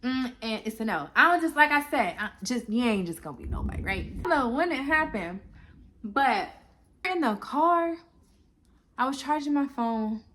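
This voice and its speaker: A woman's voice: high voice, lively intonation, moderate pace, fairly bright tone. A woman vlogging to camera in casual chat, rambling and chatty with many filler asides.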